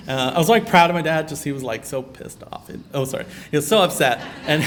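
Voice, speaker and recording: A Canadian keynote speaker talks rapid-fire in a conference hall, barely pausing, with an animated, slightly high and bright voice. His earnest, personal talk is full of stories and fillers, and there's slight background noise.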